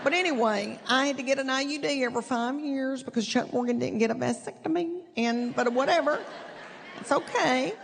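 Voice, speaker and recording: A woman's voice: high voice, creaky, noisy background. A middle-aged woman from East Tennessee with a Southern accent, telling chatty stand-up stories and drawing out her punchlines. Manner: folksy, chatty, drawn-out punchlines. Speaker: stand-up comedian. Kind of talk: stand-up storytelling. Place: theater stage with audience. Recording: live stage mic in a reverberant hall.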